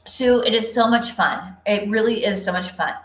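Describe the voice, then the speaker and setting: A woman's voice: mid-range voice, normal speed, a bit bright, echoey room, poor audio. A woman hosting a live craft demo, chatting upbeat with viewers by name while she works. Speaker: craft livestream host.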